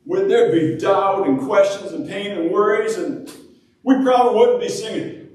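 Male pastor preaching, somewhat high voice, animated delivery, heard from a distance in a very echoey church hall. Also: normal speed. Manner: animated, acts out prayers in a raised voice. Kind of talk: sermon.

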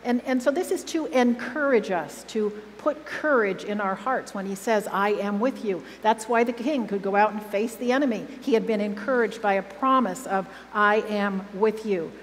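A woman's voice: medium pitch, moderate pace, few pauses. Woman preacher, emphatic sermon delivery, echoing church hall recording. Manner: earnest, emphatic, asks the congregation questions. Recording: church hall recording with reverb and faint hum.

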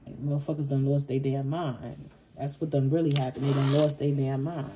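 Low-voiced woman reading tarot, profane and blunt. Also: fairly even intonation, a little slow, pauses often. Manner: blunt, profane, chuckles nervously. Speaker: tarot reader. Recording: audible background noise.

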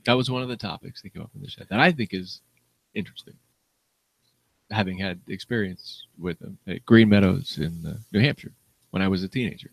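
A man's voice: sits low, brisk, vocal fry. A man co-hosting a casual comedy chat, telling stories, laughing often and acting out the people he quotes. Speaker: podcast co-host.

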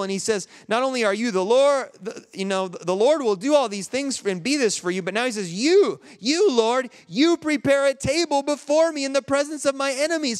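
A man's voice: extremely high pitch, clear, resonant tone. A man preaching a sermon to his church in an earnest, conversational way. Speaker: pastor. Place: large church hall. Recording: echoey church hall with long reverb.

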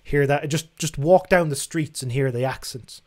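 A man's voice: a little high, moderate pace, a little mellow. A young man hosting a casual livestream, reading out viewer questions and answering them in a frank, chatty way that includes casual swearing. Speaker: livestream host.

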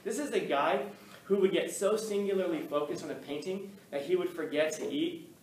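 A male teacher telling a story to his class in an animated way, acting out the voices of the people in it. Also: sits high, normal speed, a little hiss or hum. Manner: animated, acts out quoted voices. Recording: echoey classroom, mic from far off.

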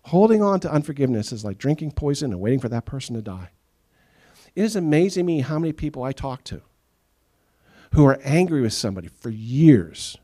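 A middle-aged pastor delivers a sermon to his congregation. His mid-pitched voice rises and falls widely. He slips into the voices of the people in his stories. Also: fairly quick. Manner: animated storytelling, acts out quoted voices. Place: church sanctuary.

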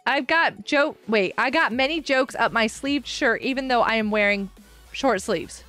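A woman's voice: on the high side, moderate pace, fairly bright tone, faint music behind. A woman live-streaming a game, chatting and giggling often while answering her chat.

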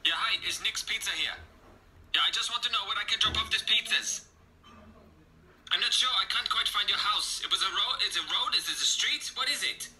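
A man's voice: high voice, brisk, pushed and bright, slight background noise, rough recording. A man voicing an impatient adult pizza delivery guy in a pre-recorded prank-call clip, brusque and insistent about getting paid. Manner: insistent, brusque, demanding payment.

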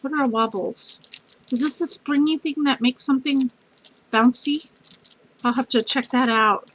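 A woman's voice: sits high, measured pace, fairly bright tone, slight background noise, low-quality recording. A middle-aged woman, gushing as she unboxes a craft gift package for her channel. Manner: gushing, effusive, says y'all.

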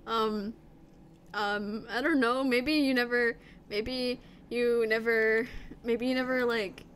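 A woman's voice: on the high side, fairly even intonation, slow, fairly bright tone, a little hiss or hum. A woman streamer giving playful, giggly commentary while playing a video game. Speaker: VTuber streamer. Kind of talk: casual gameplay commentary.

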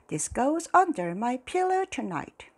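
A woman voicing a bold, cheerful young schoolboy who shouts with excitement. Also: sits high, unhurried, voice pushed up, exaggerated voice. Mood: excited.

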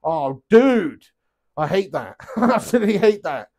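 A young man chatting casually on a live stream, rambling, swearing freely and getting animated. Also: sits high, normal speed, vocal fry.

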